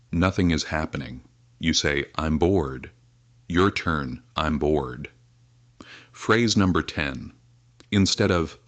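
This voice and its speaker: Deep-voiced man leading English drills. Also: no room sound. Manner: slow, clear drill delivery with many repetitions. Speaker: English teacher. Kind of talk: scripted lesson narration.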